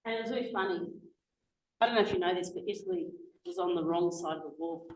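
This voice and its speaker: In an echoey hall, a middle-aged guest speaker from Australia delivers a passionate, emphatic talk. She talks fast in a lowish, slightly mellow voice, with a little background noise audible.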